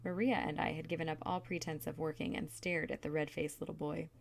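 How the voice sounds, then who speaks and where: A woman reading a chapter of a novel aloud in a calm, steady narrating voice. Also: low voice, a little fast, creaky, slight background noise. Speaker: reader.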